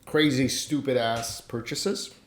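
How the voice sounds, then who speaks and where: A man's voice: medium pitch, fairly even intonation, slow, a little hiss or hum. A man co-hosting a podcast, chatting casually and often stammering and repeating words. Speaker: podcast co-host. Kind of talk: casual chat. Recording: echoey room.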